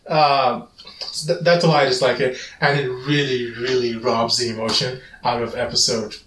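Animated man, echoey room. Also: mid-range voice, a little hiss or hum. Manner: animated, quick rambling opinions. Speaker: podcast co-host. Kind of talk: casual chat. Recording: roomy sound, mic at a distance.

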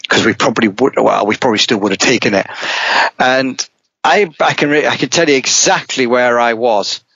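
A middle-aged man at a middle pitch spins a long, casual story from his racing days, lively and rambling, often restarting his sentences. The sound is dull and lo-fi in a dry, close space. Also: husky, no room sound. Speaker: rally driver guest. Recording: dull, dry podcast audio.

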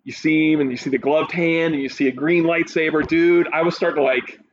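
A man talks in relaxed casual chat and grows more excited as he retells the scenes he loved. His voice rises sharply when he gets carried away. The recording is a little dull, with a faint hiss underneath. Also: a little high, a little fast. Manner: excited, animated recounting of a show.

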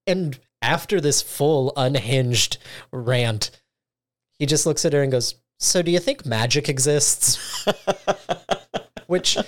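A podcast host recapping a show episode in casual chat, acting out the characters' lines. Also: medium pitch. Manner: animated storytelling, acting out lines.

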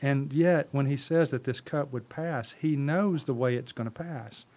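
Guesting on a podcast, this ministry leader preaches in an impassioned, talk-like style marked by rhetorical questions and repetition. He speaks at a moderate pace in a medium-pitched, slightly mellow voice.

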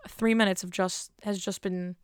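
A woman's voice: mid-range voice, fairly even intonation, normal speed, clear, resonant tone, dry recording, clean studio sound. A young woman hosting her own podcast, rambling chattily and poking fun at herself. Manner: rambling, self-deprecating, chatty. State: cold, stuttering a little. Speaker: podcast host. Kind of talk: casual solo podcast chat.

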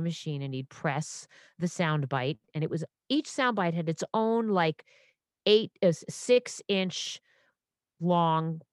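Low-voiced woman telling stage stories. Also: dry recording, clean studio sound. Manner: animated, self-interrupting, full of restarts and asides. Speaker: stage performer and impressionist. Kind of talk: casual interview storytelling.

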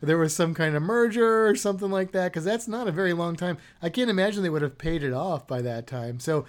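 A man's voice: on the high side, brisk. Chatty man co-hosting a podcast. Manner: chatty, rambling, joking. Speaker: podcast co-host. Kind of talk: casual podcast chat.

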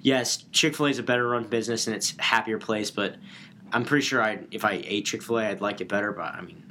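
A man's voice: lowish voice, fast talker, sharp tone, slight background noise. A man co-hosting a podcast in casual chat, easygoing and agreeable, talking loosely. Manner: easygoing, agreeable, lots of fillers like "like" and "you know". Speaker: podcast co-host.

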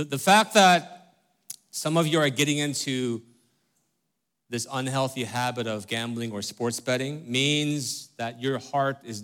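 A man's voice: medium pitch, a bit bright. Middle-aged man, pastor giving a sermon; earnest, chatty, frequent tag questions, mid-range voice. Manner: conversational, many fillers and tag questions like "right?" and "okay?"; direct and earnest with the congregation.

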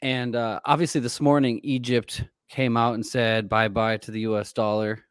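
A male podcast co-host in a casual chat, telling animated stories and laughing along. His voice is recorded dry and close, with no room echo. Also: medium pitch, moderate pace, clear, resonant tone.

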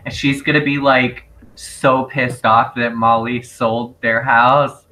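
A man co-hosting a podcast, recapping scenes in a lively way and laughing often. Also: mid-range voice, slow pace, slight background noise, poor audio. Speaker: podcast co-host. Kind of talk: casual chat.

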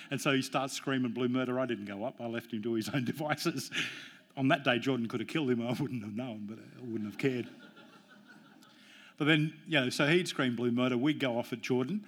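A pastor preaches a sermon that blends jokes and family stories with emphatic, rising points. He speaks in a mid-range voice with a steady, fairly bright tone, at a fairly quick pace.

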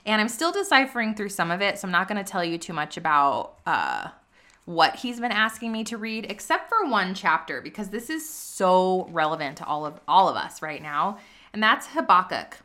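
A woman vlogging casually about her faith, chatty and earnest, full of "like" and "you know", reading scripture aloud with quick personal reactions. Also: on the low side, sing-song, bright, forceful tone. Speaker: vlogger sharing a faith and business update. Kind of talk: casual faith vlog talk.

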